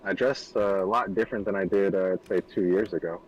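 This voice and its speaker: Streamer, man, 30s, very low voice, loose laughing storyteller. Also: steady tone, fairly quick, highs cut off, slight background noise. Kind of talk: casual chat over gameplay.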